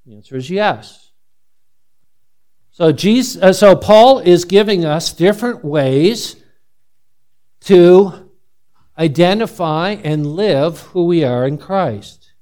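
A middle-aged male pastor preaching a sermon, animated and asking the congregation many questions. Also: high-pitched, slow pace, pauses often, clean tone.

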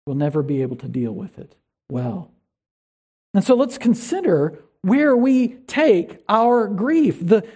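A pastor preaching in an earnest, conversational way. The voice is mellow and a little breathy, and it often turns to searching questions for the listeners. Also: mid-range voice. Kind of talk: sermon.

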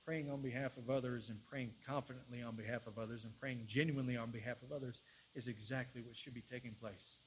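A man preaching and praying in an earnest sermon, often repeating words as he searches for the next phrase and building to louder passages. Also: medium pitch, steady tone, quick pace, a little hiss or hum, rough recording. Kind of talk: sermon with prayer.

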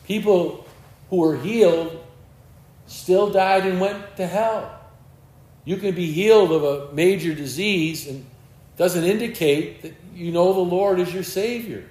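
A man's voice: high-pitched, a little slow, a little mellow. Earnest male preacher in an echoey room. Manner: earnest, repeats words while searching for them. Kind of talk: sermon.

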